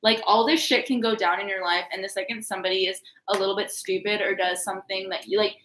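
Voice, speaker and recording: A woman in a casual astrology chat, relaxed and thinking aloud with many fillers. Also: mid-range voice, fast, a little hiss or hum. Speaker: astrology reader. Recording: roomy echo.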